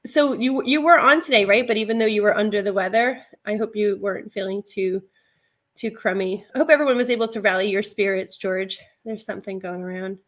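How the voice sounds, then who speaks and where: A middle-aged woman chatting casually on a livestream, reading viewer comments, laughing often and wandering into asides. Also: medium pitch. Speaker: livestream host, reseller.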